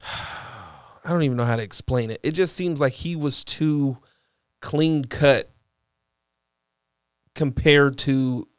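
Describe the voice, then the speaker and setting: A man co-hosting a podcast, chatting casually about a movie and often pausing to search for words. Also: medium pitch, smooth, no room sound, clean studio sound. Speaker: podcast co-host. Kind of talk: casual movie review chat.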